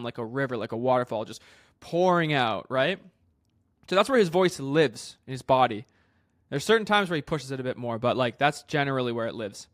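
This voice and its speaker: A man's voice: mid-range voice, a bit bright, no echo, clean studio sound. A man working as a vocal coach, explaining singing technique in a casual way, with loose fillers and restarts. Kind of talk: singing lesson with sung demonstrations.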